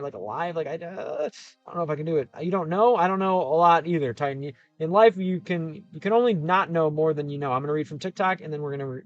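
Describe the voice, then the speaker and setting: A streamer from Ohio talks casually on his livestream, reading comments aloud and replying in a rambling, thinking-aloud style packed with fillers and restarts. The recording is dry and muffled, and his voice leans high.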